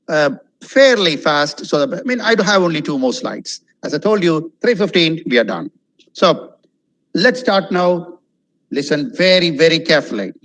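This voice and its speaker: A man's voice: fairly high pitch, poor audio. A man giving a spoken English webinar as a trainer, stretching words and swinging his intonation up and down to demonstrate. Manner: animated, drawn-out demonstrative intonation. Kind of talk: webinar lecture. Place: online webinar. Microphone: video call.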